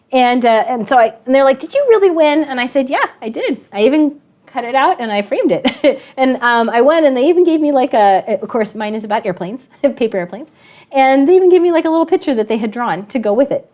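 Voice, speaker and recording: A woman teacher shares a lively, informal classroom anecdote, often breaking into laughter and doing her students' voices. Her pitch is on the high side and she speaks a little fast.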